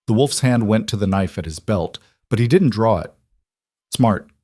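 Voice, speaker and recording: A man narrating a fantasy story in an even, measured way. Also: fairly low pitch, no room sound, studio quality. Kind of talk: scripted audiobook narration.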